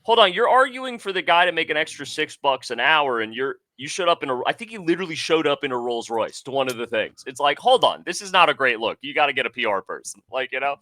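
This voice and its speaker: A man talking casually as a podcast guest, animated and joking, swearing freely. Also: fairly high pitch, fast, hardly any pauses, no echo.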